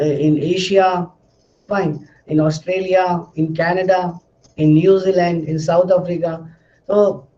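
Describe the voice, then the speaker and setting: A man's voice: high-pitched, mellow, lo-fi sound. A man giving a recorded lecture, explaining patiently and often restating his phrases.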